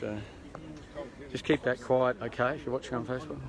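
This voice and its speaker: A man's voice: mid-range voice, fairly even intonation, fairly quick, crowd noise. An Australian man livestreaming from a street, talking casually and rambling to his viewers with jokey asides. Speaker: livestreamer at a protest. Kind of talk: casual live stream chat. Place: outdoors on an urban street. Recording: noisy outdoor street recording.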